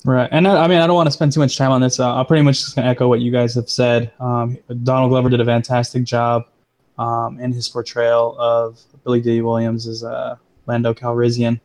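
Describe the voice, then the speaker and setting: A man hosting a casual movie review podcast, steering the talk and explaining details in a measured way. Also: medium pitch. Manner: steers the discussion, even and measured. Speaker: podcast host.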